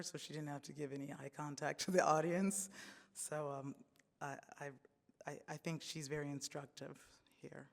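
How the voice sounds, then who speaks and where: A man's voice: fairly high pitch, vocal fry. A man giving an academic lecture in a hesitant way, with fillers and restarts. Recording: reverberant hall.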